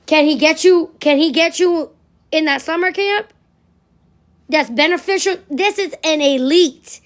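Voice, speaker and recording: A woman's voice: high-pitched, measured pace. A middle-aged woman ranting in a livestream monologue, blunt and profane, repeating phrases for emphasis.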